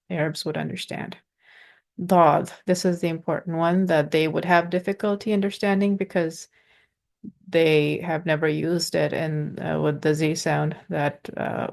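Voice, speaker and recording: A woman teaching pronunciation in an informal lesson, patiently explaining with halting pauses and sounding out letters. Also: sits low, creaky.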